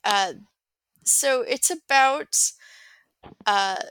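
Slow, bright-voiced woman recapping a film. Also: high voice, clean tone, dry recording. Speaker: podcast host summarizing a film. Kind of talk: casual chat.

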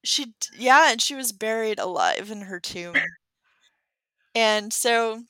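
A woman co-hosts a podcast, chatting casually about a film and rambling with many hesitations and giggles. Her voice is a little high and a bit bright, slow and clean-toned, with no echo.

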